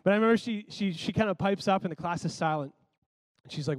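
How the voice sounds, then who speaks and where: A man preaching a sermon, telling a childhood story in an animated, conversational way with lots of "like.". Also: high-pitched, fast, no echo.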